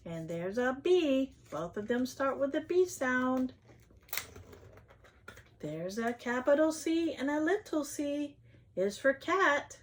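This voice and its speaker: A woman's voice: high-pitched, big pitch swings, slight background noise. A woman reading an alphabet picture book aloud to young children, sounding out each letter and gasping with delight when she lifts the flaps. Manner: slow, sing-song phonics sounding out, gasps at flaps. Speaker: children's read-aloud host.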